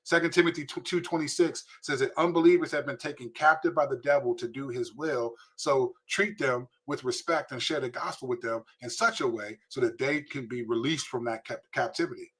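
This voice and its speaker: Husky-voiced pastor preaching emphatically. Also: male voice, mid-range voice, a little fast, few pauses, a bit bright. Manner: emphatic, repeats words when pressing a point. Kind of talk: preaching to camera.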